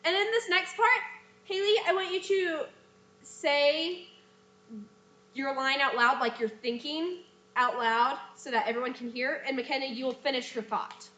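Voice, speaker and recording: A woman's voice: high voice, unhurried, sharp tone, echoey room. A young woman teacher walking her students through a scene script, acting out lines in playful voices. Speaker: dance and theater teacher.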